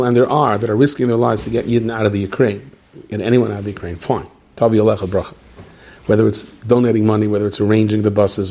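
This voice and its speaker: A man speaking as a rabbi, giving a Purim talk to a live audience as an animated storyteller who banters with his listeners. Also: mid-range voice.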